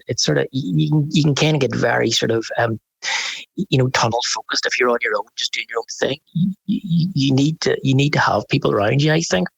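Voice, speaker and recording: A Northern Irish man, a photographer guest, chatting casually in a rambling, animated way with frequent restarts. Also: medium pitch, creaky, breathy edge, no room sound, rough recording. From Northern Ireland. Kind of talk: casual interview chat.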